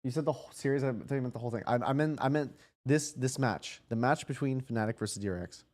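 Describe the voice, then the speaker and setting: A man's voice: mid-range voice, fast talker, a little mellow. Give me a young man casually talking to his stream, stumbling over his words and swearing now and then. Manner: rambling, self-correcting, swears casually. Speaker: streamer hosting a watch party.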